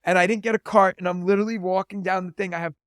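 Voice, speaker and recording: A man in his thirties talks easily as an interview guest, spinning stories with a high voice and a steady stream of "like" fillers. The sound is dry and close, with no room around it. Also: racing, no room sound. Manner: chatty storyteller, lots of "like" fillers. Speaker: podcast guest, teacher and comedian. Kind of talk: casual interview chat.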